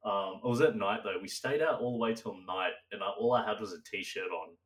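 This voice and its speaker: A young man, chatting casually as a podcast co-host. His voice sits low and sounds a little distant from the microphone. He rambles loosely, laughs often and slips into playful voices. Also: brisk, a bit bright. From Australia. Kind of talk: casual chat.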